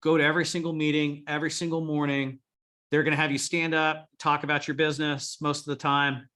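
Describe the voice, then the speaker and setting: Brief: male business coach, blunt and profane, pitched a bit high, with a forceful edge. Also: level tone, fairly quick. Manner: blunt and profane, rallying listeners. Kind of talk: coaching talk to a live group.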